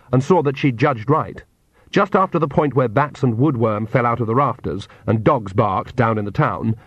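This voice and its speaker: A man narrating an audiobook in a measured, clear storytelling manner. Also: mid-range voice, no room sound. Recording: dull, dry lo-fi recording.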